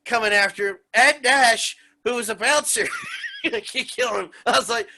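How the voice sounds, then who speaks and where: A man hosting a casual wrestling podcast, telling stories in an animated way and laughing often. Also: very high voice, normal speed, a little hiss or hum. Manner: animated storyteller who laughs a lot. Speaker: podcast host.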